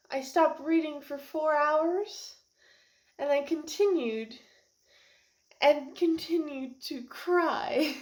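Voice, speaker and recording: This young book reviewer has a high voice with a darkish tone as she chats casually in her vlog about a book she just finished. Emotional and rambling, she laughs and comes close to tears.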